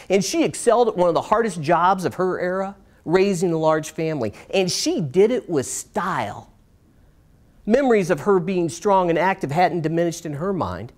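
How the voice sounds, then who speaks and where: Middle-aged man telling a story on stage. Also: a little high. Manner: expressive, swinging from bright to hushed with dramatic pauses. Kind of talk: live storytelling performance. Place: stage in a small performance space.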